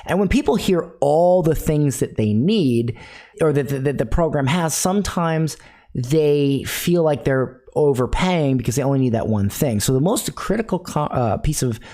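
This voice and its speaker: A man's voice: fairly high pitch, expressive, normal speed, dark tone. Middle-aged guy teaching sales, blunt and direct, keeps repeating his main line. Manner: direct, repeats key phrases for emphasis. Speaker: sales coach.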